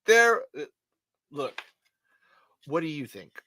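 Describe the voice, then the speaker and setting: Male podcast host, casual live-stream chatter, forceful bright tone, tumbling restarts and cursing. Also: fairly high pitch, slow, a little hiss or hum. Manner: rambling, excitable storytelling with stammered restarts and swearing.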